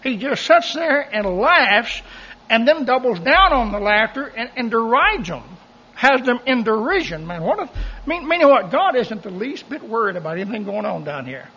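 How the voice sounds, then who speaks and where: Animated folksy preacher man. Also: very high voice, moderate pace, muffled recording, slight background noise. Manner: folksy, animated, joking asides. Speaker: pastor. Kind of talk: sermon.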